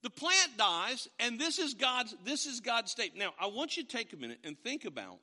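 Man, pastor, sermon, storytelling, animated, high pitch, reverberant hall. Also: a little fast. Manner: storytelling, animated, acts out quoted voices.

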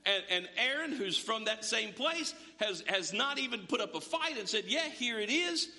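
Lively, bright-voiced man preaching. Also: sits high, moderate pace. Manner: conversational, humorous, animated storytelling. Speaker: pastor. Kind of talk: sermon. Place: church sanctuary. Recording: long echo of a large hall.

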